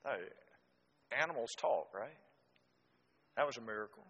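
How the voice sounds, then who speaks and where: A man preaching a sermon, telling folksy stories that swing from loud exclamations to quiet asides. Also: mid-range voice, lively intonation, unhurried, husky, highs cut off. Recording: reverberant hall.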